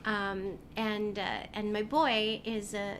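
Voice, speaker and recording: At a convention venue, a woman voice actor chats as an interview guest, telling warm stories with lots of ums and other fillers. Her medium-pitched voice is level and slow, with a little hiss or hum on the recording.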